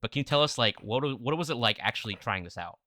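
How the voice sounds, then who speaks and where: A man's voice: mid-range voice, animated, quick pace, sharp tone, dry recording. A man co-hosting a casual tech podcast, asking his co-host questions with enthusiasm.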